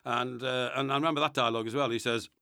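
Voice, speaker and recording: A man hosting a casual chat, rambling and halting, full of restarts and impressions. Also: mid-range voice, fairly even intonation, sharp tone, smooth, dry recording, clean studio sound.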